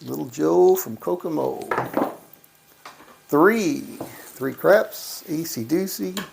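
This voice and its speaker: A man with a gravelly, creaky voice talks slowly through his game, calling out dice rolls as they land. He mutters mild curses under his breath in a relaxed running commentary, with faint noise behind him. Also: on the high side. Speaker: gambling vlogger. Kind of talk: casual running commentary while playing. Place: casino electronic craps machine.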